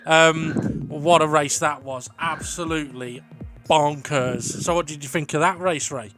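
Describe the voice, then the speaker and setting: A man hosting a sim racing league show, calling the results and trading jokes with a co-host, excitable and full of fillers. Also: a little high, measured pace, faint music behind. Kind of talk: casual race commentary and banter.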